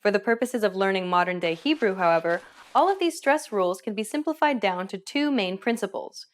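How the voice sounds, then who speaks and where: A woman's voice: mid-range voice, expressive, a little fast. Woman, lesson host; scripted narration, friendly, asks questions to engage learners.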